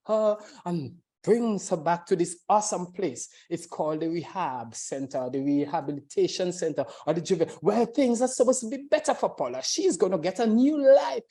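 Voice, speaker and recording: A woman speaking in a webinar, telling a dramatized story in an expressive, repetitive way. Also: lowish voice, normal speed.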